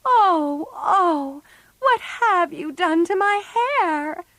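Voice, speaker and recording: Storybook teen girl, eager and high-pitched, put on by a woman narrator; lively swoops, dry close sound. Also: unhurried, no room sound. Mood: distressed. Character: excitable teenage girl, older sister.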